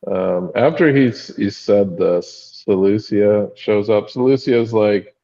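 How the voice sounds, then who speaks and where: A man's voice: lowish voice, slow pace, gravelly, mellow, dull audio. A man co-hosting a podcast, recapping a book in casual chat with many fillers and frequent laughs. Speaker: podcast co-host.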